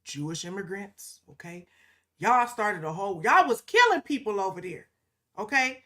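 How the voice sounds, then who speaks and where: Woman co-host, mid-pitched, emphatic and colloquial, keeps checking in with the listener. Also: expressive, normal speed, sharp tone. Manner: emphatic, punctuates points with "okay?"; colloquial, quotes others in mocking asides. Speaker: podcast co-host. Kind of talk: casual conversational commentary.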